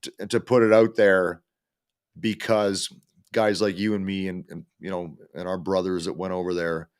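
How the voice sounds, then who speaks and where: A man from Canada with a fairly low voice, co-hosting a veterans' podcast. He talks casually and bluntly, swearing freely as he swaps stories. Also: level tone, normal speed, clean tone. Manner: blunt and profane. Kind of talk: casual chat.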